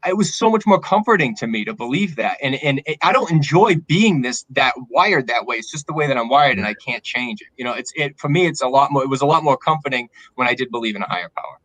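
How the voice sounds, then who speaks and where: A man's voice: medium pitch, expressive, fast, few pauses, fairly bright tone, no echo, poor audio. A man with an Eastern Massachusetts accent, chatting frankly as a guest on a video call. He sounds reflective and often restarts his sentences. The sound is dry and close, with little room around it. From Massachusetts, south of Boston. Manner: candid, reflective, with frequent restarts. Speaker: guest filmmaker. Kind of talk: casual live-stream chat.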